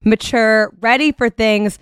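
A woman's voice: on the high side, fairly even intonation, a little slow, clear, resonant tone, no room sound, clean studio sound. A woman co-hosting a podcast in casual chat, chatty and agreeable, swearing casually. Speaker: podcast co-host. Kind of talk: casual chat recapping a reality show.

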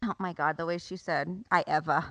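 A woman's voice: sits low, fairly even intonation, brisk, a bit bright, no echo. A woman in her thirties co-hosting a casual chat with friends, telling a family story animatedly and acting out her children's voices. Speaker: podcast co-host.

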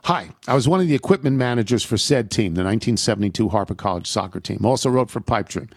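A man's voice: on the low side, animated, fast talker, husky, no room sound. A man hosting a radio show, reading listener emails aloud with a wry, amused delivery and the odd laugh. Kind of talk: reading listener mail aloud with dry humor.

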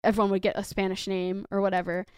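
A woman's voice: mid-range voice, level tone, fast talker, a little mellow, clean tone, dry recording. A young woman co-hosting a podcast, telling frank stories with lots of giggling. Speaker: podcast co-host. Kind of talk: casual comedic chat.

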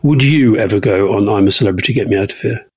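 A man's voice: fairly low pitch, fast. A man co-hosting a political discussion podcast, blunt and pressing his co-host for straight answers. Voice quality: husky.

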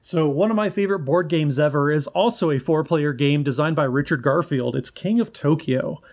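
A man co-hosting a podcast, giving relaxed, friendly advice. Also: on the high side, normal speed. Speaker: podcast co-host. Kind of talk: casual chat.

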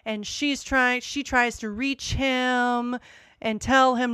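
A woman's voice: fairly high pitch, fairly even intonation, unhurried, fairly bright tone, smooth, dry recording, studio quality. A woman co-hosting a podcast, talking casually and thoughtfully about a song and how it is sung. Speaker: podcast co-host. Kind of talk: casual chat about music.

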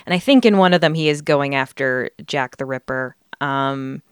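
A woman's voice: rumbling low, moderate pace, clean tone, dry recording, clean studio sound. A woman from the United States hosting a podcast, chatting casually and laying out facts with frequent fillers. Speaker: podcast host. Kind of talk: casual podcast chat and research narration.

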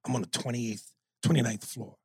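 Gravelly, animated storyteller man. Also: medium pitch, normal speed, no room sound. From New York. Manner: animated, swears freely, acts out quotes. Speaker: podcast co-host. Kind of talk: casual profane storytelling.

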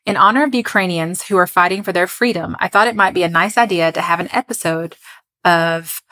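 A woman's voice: lowish voice, a little fast, sharp tone. Chatty woman podcast host telling a story. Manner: chatty, laughs often, self-deprecating about pronunciation. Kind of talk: casual chat, storytelling.

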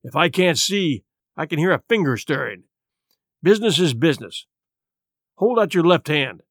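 Blind old beggar villain, cruel and soft-spoken in sing-song, read by a man, higher pitched, very animated. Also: moderate pace, dry recording, clean studio sound. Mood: cold menacing.

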